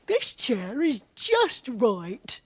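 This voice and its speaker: A fussy little storybook bear, put on by a woman, speaking in a high, squeaky voice that swoops up and down. He draws out each slow complaint about porridge, chairs and beds. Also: big pitch swings, husky, no room sound, full character voice. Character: fussy little male bear, choosy and sleepy.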